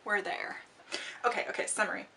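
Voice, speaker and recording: Excitable woman raving about a book mid makeup, kinda breathless, bright voice, mic sits a bit far off. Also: brisk. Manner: gushing, excitable, lots of fillers and restarts. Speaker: book reviewer and makeup vlogger. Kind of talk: casual enthusiastic book review while doing makeup.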